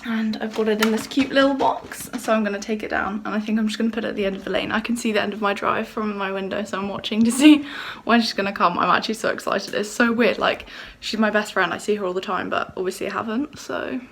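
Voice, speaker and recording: Speaking fast with fairly even intonation, this young woman has a mid-range voice. She's vlogging casually from her bedroom, gushing and bubbly, in a roomy home recording with a little background noise.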